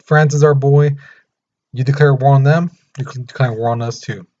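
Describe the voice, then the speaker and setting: A man's voice: medium pitch, fairly even intonation, moderate pace, a little mellow, dull audio, lightly acted. A man doing an indignant, defiant Britain.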